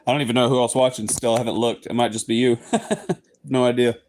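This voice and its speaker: A man's voice: medium pitch, level tone, fast talker, darkish tone, slight background noise. A man from Southeast Texas with a Texan accent, chatting casually with viewers on his livestream, playful and slipping into goofy voices. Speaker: livestream host. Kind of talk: casual live chat with viewers.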